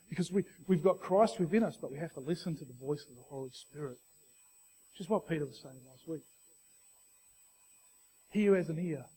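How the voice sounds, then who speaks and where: Through a lively personal anecdote riddled with restarts, a middle-aged man with an Australian accent delivers a sermon. His voice is high with a breathy edge.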